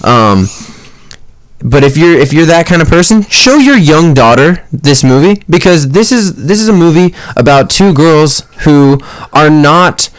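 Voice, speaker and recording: A young man co-hosting a podcast, talking about films in an animated, rambling way with lots of restarts. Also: fairly high pitch, measured pace, dry recording. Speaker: podcast co-host. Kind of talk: casual movie chat.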